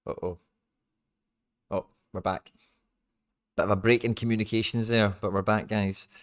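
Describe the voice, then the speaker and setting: A young Scottish man hosting a football watch-along, ranting and swearing in exasperation with sudden loud outbursts, speaking into a desk mic. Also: fairly low pitch, steady tone, moderate pace. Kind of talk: live match watch-along chat.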